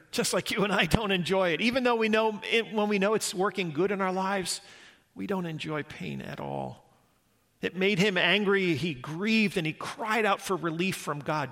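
Bright-voiced man preaching a sermon. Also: a little high, vocal fry. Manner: earnest, reflective preaching with rhetorical questions. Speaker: pastor.

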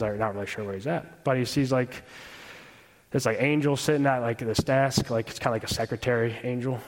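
A young man speaks to a church gathering in a relaxed, unpolished way. He fills his sentences with "like" and "kinda", as if he is chatting with friends. His voice sits at a middle pitch for a man. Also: in a large hall. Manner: informal, many fillers like "like" and "kinda". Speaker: speaker giving a testimony talk. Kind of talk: casual sermon.

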